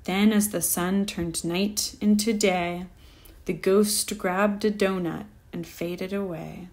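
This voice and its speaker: A woman reading a rhyming children's picture book aloud with a lively, rhythmic delivery. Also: fairly low pitch, slow. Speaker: storyteller.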